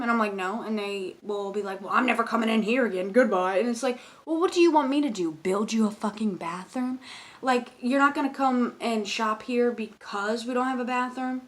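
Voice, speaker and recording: A young woman who works as a cashier, ranting casually and profanely about customers with exasperated emphasis. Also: on the high side. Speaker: convenience store cashier.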